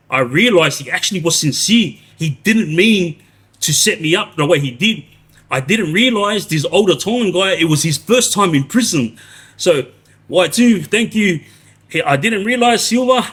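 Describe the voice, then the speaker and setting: This is a husky-voiced man in his forties, chatting casually to viewers on a live stream. He tells his story in loose, rambling bursts, restarts his sentences and tacks "yeah?" onto them. His voice sits a little high for a man. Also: a bit bright. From Australia. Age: 40s. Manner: rambling, many restarts and tag questions like "yeah?". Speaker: livestreamer telling prison stories.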